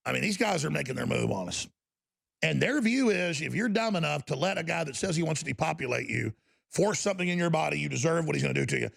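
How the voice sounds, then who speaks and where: A man's voice: sits high, a bit bright. A male talk show host delivering a fervent, ranting radio monologue with mocking asides. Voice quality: gravelly.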